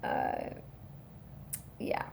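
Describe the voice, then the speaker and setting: A woman's voice: drawn-out words, darkish tone, slight background noise. A woman vlogger telling a rambling personal story straight to her viewers in a casual way.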